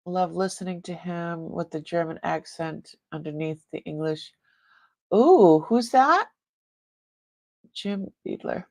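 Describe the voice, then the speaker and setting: A woman's voice: low voice, flat delivery, moderate pace, gravelly, few pauses, a little mellow, no echo. A woman hosting a live online jewelry sale, chatting casually with viewers and rambling, often breaking off mid-sentence. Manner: chats with viewers reading comments.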